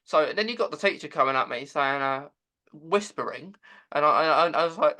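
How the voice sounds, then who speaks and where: Halting man, high bright voice. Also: animated. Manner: halting, with many stammered repeats. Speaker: podcast host. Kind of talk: casual conversation.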